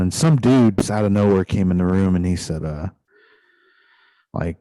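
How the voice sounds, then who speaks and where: A man's voice: sits low, fairly quick, darkish tone, no room sound, low-quality recording. A man casually retelling a long dream on a podcast, rambling loosely with constant asides. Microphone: podcast microphone.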